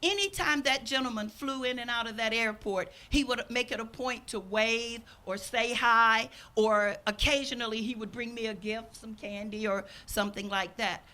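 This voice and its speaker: Older woman pastor, fairly high and bright, lively storytelling sermon. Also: moderate pace, hardly any pauses. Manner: storytelling, acts out quoted speakers. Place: outdoors.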